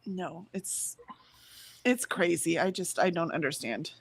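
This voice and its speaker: A woman's voice: on the low side, unhurried, husky, no echo. A woman co-hosting a casual livestream, chatting emphatically, laughing easily, and reading out viewer comments. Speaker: livestream co-host.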